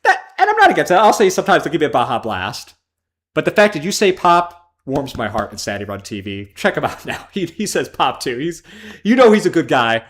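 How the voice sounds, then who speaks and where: Animated, swearing man streaming games. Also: a little high, a little fast. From Chicago, American Midwest. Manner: animated, swears freely, wanders off on tangents. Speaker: livestream host. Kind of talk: casual gaming livestream chat.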